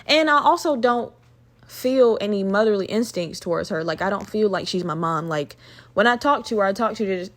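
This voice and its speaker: A woman's voice: medium pitch, expressive, normal speed. A woman hosting a podcast, telling a personal story in a candid, casual way, swearing freely and using lots of fillers. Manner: candid, profane, chatty with frequent fillers. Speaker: podcast host.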